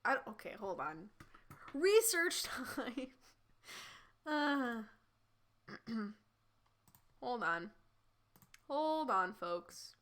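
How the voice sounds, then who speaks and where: This young streamer's voice is a little high and fairly bright, extremely slow with long pauses yet very animated. She reads fanfiction aloud live, stopping for casual, chatty asides full of laughter.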